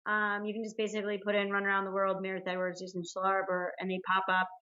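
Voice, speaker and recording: A woman speaking as a podcast guest over muffled, lo-fi remote audio. Her delivery is even and fairly flat in pitch, relaxed and a little rambling, with fillers here and there. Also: fast talker. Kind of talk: casual chat.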